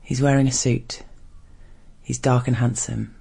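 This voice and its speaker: A man reading a first-person erotic story aloud in a low, measured, intimate way. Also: level tone, creaky, dark tone, breathy edge.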